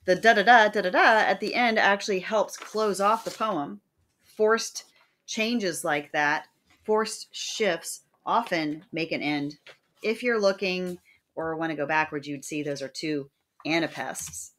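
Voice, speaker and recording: A woman's voice: lowish voice, slow pace, fairly bright tone. A woman teacher giving a recorded lecture over slides, chatty, chanting syllables aloud to show rhythm. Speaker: literature teacher.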